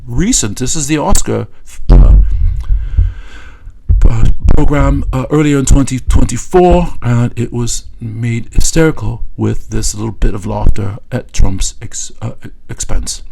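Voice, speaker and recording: A man's voice: mid-range voice, lively intonation, measured pace, vocal fry, dark tone, slight background noise, rough recording. A man giving satirical political commentary in a mocking, scornful way, with many hesitant fillers.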